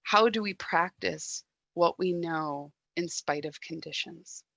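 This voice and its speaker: A woman gives a sermon in a reflective, gentle way, with soft pauses and quiet moments. Her voice sits lowish and has a gravelly fry. The sound is dry and close. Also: dry recording. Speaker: guest speaker at a church service.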